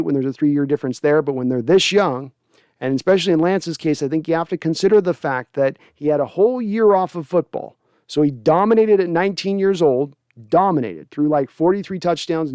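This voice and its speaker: A man's voice: a little high, warm tone, smooth, no echo, clean studio sound. A man hosting a casual sports livestream, rambling through viewer comments with plenty of fillers. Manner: rambling, lots of fillers, laughs at himself. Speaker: sports show host.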